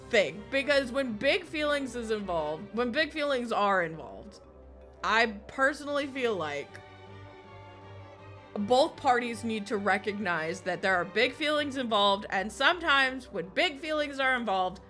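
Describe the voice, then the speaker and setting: A woman's voice: fairly high pitch, animated, a little slow, bright, forceful tone, faint music behind. A woman streamer chatting casually while gaming, swearing constantly and laughing often as she rants. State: recovering from illness.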